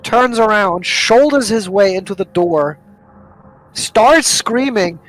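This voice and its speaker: A man's voice: high-pitched, lively intonation, slow, fairly bright tone, rough recording. A man playing a tabletop game, retelling his character's actions with playful drama. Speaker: player. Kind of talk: tabletop role-play, in-character narration.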